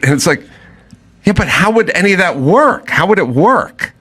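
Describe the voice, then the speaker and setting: Fired-up animated host, bright voice. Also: male voice, sits high, normal speed, husky. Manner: animated storytelling, acts out other people's lines; fired up, emphatic. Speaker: podcast host. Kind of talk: casual chat.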